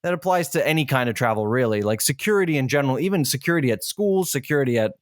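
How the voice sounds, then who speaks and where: A man's voice: mid-range voice, animated, quick pace, dry recording, clean studio sound. A man co-hosting a podcast, telling a long anecdote in casual chat with frequent restarts. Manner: storytelling, rambling with restarts. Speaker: podcast co-host.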